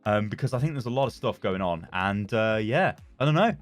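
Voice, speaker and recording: A man's voice: on the low side, lively intonation, fairly quick, faint music behind. A man hosting a gaming video, talking casually and loosely, searching for words with lots of fillers. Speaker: gaming YouTuber. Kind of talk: casual video outro commentary.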